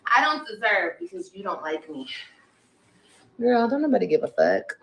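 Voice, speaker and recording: A woman's voice: mid-range voice, very animated, normal speed, a bit bright, slight background noise, poor audio. A woman venting on her livestream in a defiant, profane rant.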